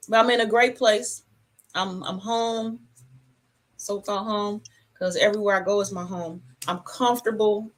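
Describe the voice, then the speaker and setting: A woman hosting a casual livestream from her home, talking in a relaxed, rambling, reflective way. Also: medium pitch, slight background noise. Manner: talks with food in her mouth. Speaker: channel host.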